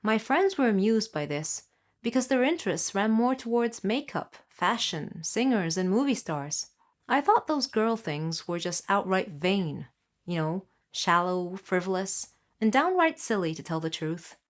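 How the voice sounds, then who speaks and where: A woman's voice: mid-range voice, very animated, unhurried. A young woman reading a first-person story in an upbeat, chatty manner. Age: young adult. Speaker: narrator.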